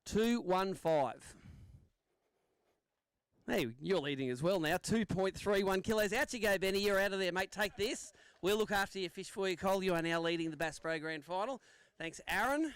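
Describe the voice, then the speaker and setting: Male MC, upbeat banter, high smooth voice. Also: moderate pace, fairly bright tone, dry recording. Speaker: tournament weigh-in MC. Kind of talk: live event emceeing. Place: outdoor lakeside weigh-in stage.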